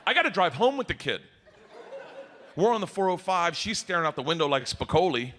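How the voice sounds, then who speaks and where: A middle-aged man doing a stand-up comedy set, telling stories loudly with shouted punchlines, recorded live on stage with audience noise. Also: sits high, fairly quick. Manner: loud, animated storytelling with shouted punchlines.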